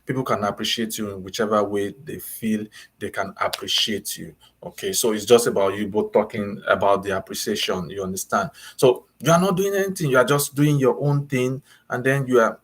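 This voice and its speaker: A man giving casual advice in a relaxed talk, often repeating and rephrasing himself and acting out small everyday exchanges. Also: lowish voice, fairly quick, slightly rough. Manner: conversational, repeats and rephrases, acts out little dialogues. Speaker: advice vlogger on student visas.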